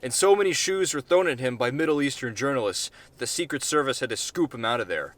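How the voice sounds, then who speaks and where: A man reading his own short story aloud in a deadpan way, with casual, offhand asides. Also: mid-range voice, quick pace.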